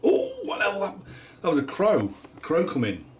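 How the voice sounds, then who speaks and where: A man's voice: high-pitched, wildly swooping pitch, normal speed, slight background noise. A man chatting casually in a home video diary, rambling and self-mocking. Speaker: vlogger.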